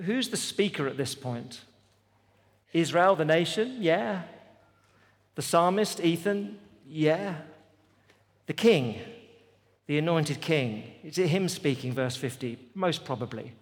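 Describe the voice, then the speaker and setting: A man's voice: medium pitch, a little slow, long reverb tail. A man preaching a sermon at a festival, with an emphatic, repetitive cadence. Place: festival venue.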